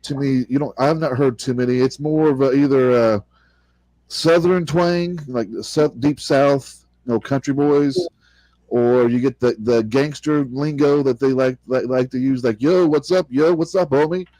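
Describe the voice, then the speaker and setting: A man's voice: mid-range voice, moderate pace, dark tone, dry recording, rough recording. An American man co-hosting a casual interview, teasing and wisecracking. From United States. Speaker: podcast co-host.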